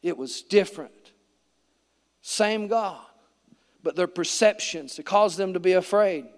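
A man's voice: high voice, a little slow, long reverb tail. A man preaching a sermon in a church, telling his story earnestly and vividly. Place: church sanctuary.

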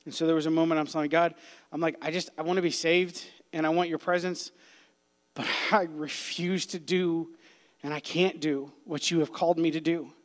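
A man preaching a youth sermon in a church sanctuary, his fairly high voice swinging from near-whispers to full, loud cries. A long hall reverb trails every phrase. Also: steady tone, moderate pace. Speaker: youth pastor.

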